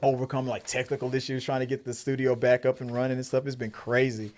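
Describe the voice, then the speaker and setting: A male podcast host talking through movies in loose, rambling chat. He curses freely and gets animated, with a voice of middle pitch for a man. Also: fast talker. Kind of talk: casual chat.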